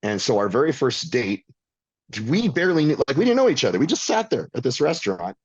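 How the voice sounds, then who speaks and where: A man's voice: medium pitch, very animated, quick pace, husky, dry recording, highs cut off. A man in his fifties telling his own story in a blunt, profane, emphatic way as a podcast guest. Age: 50s. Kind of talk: casual storytelling.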